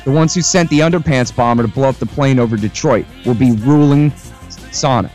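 A man's voice: mid-range voice, a little fast, a little mellow, faint music behind. A man talking politics as a guest, emphatic and mocking. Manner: emphatic, mocking, acts out quoted voices. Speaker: guest commentator. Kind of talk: casual political talk.

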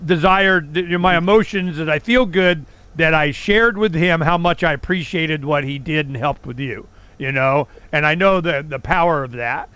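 A man's voice: on the high side, normal speed, bright, forceful tone, clean tone, dry recording. A man hosting an interview, responding sympathetically and asking leading questions. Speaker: podcast host. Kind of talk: interview conversation.

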